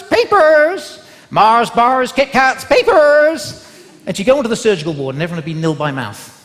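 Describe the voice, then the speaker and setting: A man doing stand-up comedy to a live audience, chatting and teasing the crowd with tag questions. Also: fairly high pitch. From England, West Country. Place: large live theatre with an audience. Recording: live hall recording with crowd. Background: audience laughter.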